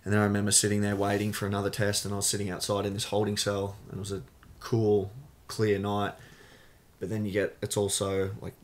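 Australian man, low voice, podcast guest, loose candid storytelling. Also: completely flat delivery, fairly quick. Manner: candid, rambling, many fillers. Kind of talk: casual storytelling interview.

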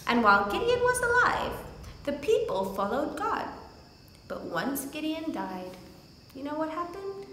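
A woman teaching a church lesson, telling a Bible story and reading scripture in a slow, animated manner. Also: sits high. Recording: echoey hall with faint background noise.

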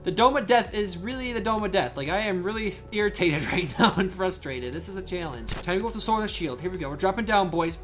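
A young man giving excitable live commentary on a survival game he is playing, with frequent outbursts and laughs. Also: high-pitched, fast talker, hardly any pauses. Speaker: gaming channel host. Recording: faint game music behind.

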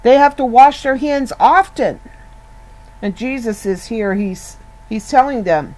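Slow, earnest woman teaching scripture. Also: on the high side, a little mellow, low-quality recording. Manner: earnest, conversational, repeats and restarts words. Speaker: Bible teacher. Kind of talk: informal Bible teaching.

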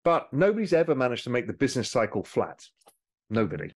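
This is a British man talking as a guest in a relaxed interview, with a mid-range voice. He explains his points with animated emphasis and slips into quick impressions of other people. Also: medium pitch, breathy edge. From Britain. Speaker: guest, former hedge fund manager. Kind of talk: conversational interview.

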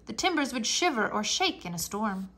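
A woman reading a children's nonfiction book aloud in an expressive storybook manner, with playful exclamations. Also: fairly high pitch, moderate pace. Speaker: reader.

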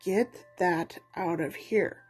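A woman voicing a surly male goldfish in a storybook, speaking in a low, grunting, slow way. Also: darkish tone, slightly rough, soft background music. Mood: grumpy.

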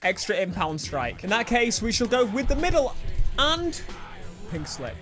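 A young man giving excitable let's-play commentary on a racing game, shouting at rivals as he drives. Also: high voice, a little fast. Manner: excitable, yelling at rivals mid-race. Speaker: gaming YouTuber. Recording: game music and engine noise behind.

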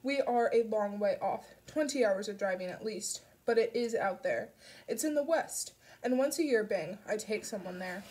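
A woman voicing a smooth-talking, sinister older male chauffeur in an audiobook, louder and coaxing. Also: mid-range voice, lively intonation, normal speed, lightly acted.

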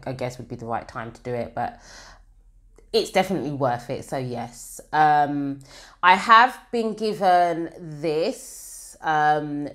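A woman from the UK talks casually to camera as a beauty vlogger, her voice sitting low. She rambles in a chatty way, with plenty of fillers and side comments. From United Kingdom.

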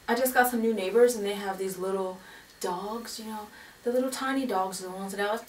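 A young woman with a Georgia accent talks animatedly to her viewers in a casual home vlog. Her voice sits a little away from the mic in a roomy, echoing space, with music playing clearly behind her. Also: medium pitch, distant mic. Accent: Southern American, Georgia. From Georgia, USA. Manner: animated and chatty, talking straight to the viewer. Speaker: vlogger.

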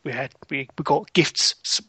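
A young man hosting a podcast in casual chat, chatty and quick to laugh, often restarting his sentences. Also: fairly high pitch, bright, forceful tone, breathy edge, dry recording. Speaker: podcast host.

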